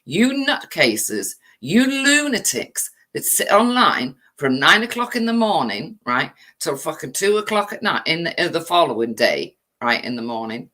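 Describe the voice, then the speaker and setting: A woman's voice: deep voice, sing-song, measured pace, few pauses, bright, forceful tone. An English woman hosting her channel, delivering an angry, swear-filled rant full of rhetorical questions. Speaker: channel host. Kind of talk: livestream rant.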